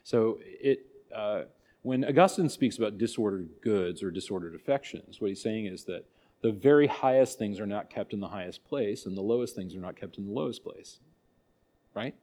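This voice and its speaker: A man's voice: fairly low pitch, moderate pace, warm tone. A man teaching a church catechism class in a folksy, conversational way, acting out little asides. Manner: folksy, conversational, with many restarts and acted asides. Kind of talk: casual catechism class talk.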